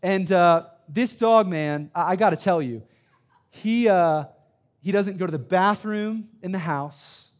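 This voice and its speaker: Thirties male student pastor, emphatic sermon delivery, pitched a bit high. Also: measured pace. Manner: emphatic preaching with repeated "right?" and a personal story. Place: church sanctuary.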